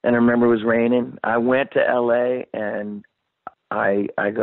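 A man's voice: mid-range voice, level tone, moderate pace, no room sound. A rock singer in his sixties telling a story in a casual interview, rambling and cursing and acting out the voices of people he quotes. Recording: dry, phone-like narrow sound.

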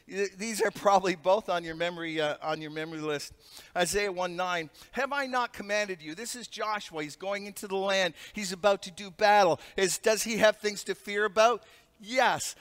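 A pastor preaching a sermon, telling stories with humor and laughter. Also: male voice, sits high, sharp tone, big-room sound.

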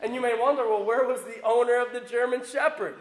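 A pastor, a man with young children, giving an emphatic, animated sermon mixed with a personal story. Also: very high voice, fast talker. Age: adult with young children. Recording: roomy echo.

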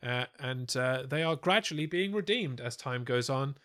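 A man's voice: mid-range voice, expressive, normal speed, a bit bright. A man co-hosting a casual live-streamed podcast, joking and spinning absurd stories. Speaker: podcast co-host. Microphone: studio mic on a stand.

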